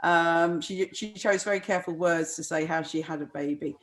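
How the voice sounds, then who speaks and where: A woman's voice: on the low side, normal speed. A middle-aged woman author speaking at a book launch, hesitant, with frequent restarts and ums. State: close to tears. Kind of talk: conversational discussion.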